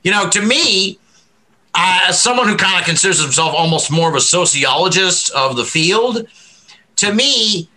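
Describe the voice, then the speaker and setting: A man talking in a rambling, animated podcast discussion, swearing freely and laughing often. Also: sits high, moderate pace, poor audio. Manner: many fillers and restarts, laughs often.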